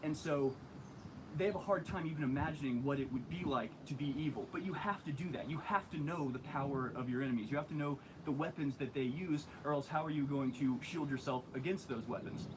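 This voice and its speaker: A man's voice: fairly high pitch, a little fast, noisy background. Earnest man explaining steadily. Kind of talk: casual studio commentary.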